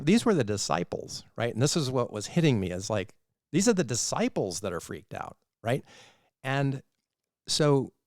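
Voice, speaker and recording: A man hosting a faith-based podcast, telling stories in an animated, earnest, preaching manner. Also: mid-range voice, no echo, studio quality. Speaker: podcast host.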